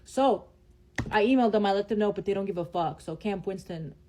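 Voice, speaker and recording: A woman's voice: mid-range voice, brisk, warm tone. A young woman telling a personal story in a vlog, blunt and emotional, swearing heavily. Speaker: vlogger.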